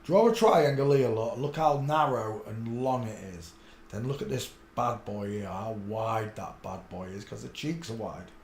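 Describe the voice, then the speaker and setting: A man hosting a solo livestream, talking to himself in a blunt, crude way and swinging from low muttering to loud excited outbursts. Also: unhurried, gravelly, reverberant, slight background noise. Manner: mutters under his breath, then bursts out loud and excited; blunt and crude, talks to himself while searching images. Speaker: livestream host. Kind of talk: rambling solo livestream commentary.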